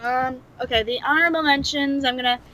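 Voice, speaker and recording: A woman's voice: sits high, fairly even intonation, brisk, sharp tone, a little hiss or hum, low-quality recording. A woman in casual chat, rambling and giggling, often slipping into silly voices. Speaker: co-host.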